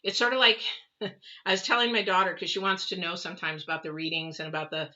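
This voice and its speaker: Middle-aged woman, live tarot reader, rambling chat to viewers, low-pitched, muffled lo-fi audio. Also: flat delivery, fast talker, pushed and bright. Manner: chatty and rambling, addresses viewers directly.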